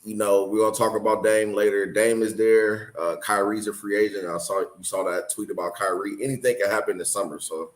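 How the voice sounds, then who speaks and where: Male guest on a sports show, low-pitched voice, laid-back and easygoing. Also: little pitch movement, brisk, few pauses. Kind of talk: casual sports talk.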